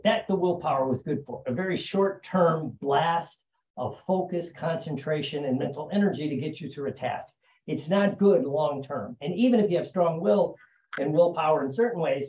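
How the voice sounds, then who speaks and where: Speaking in a slightly high, warm voice, an American man who works as a hypnotherapist chats casually about habits. He leans on "right?" and "you know" again and again, captured in dull, echoey, distant audio.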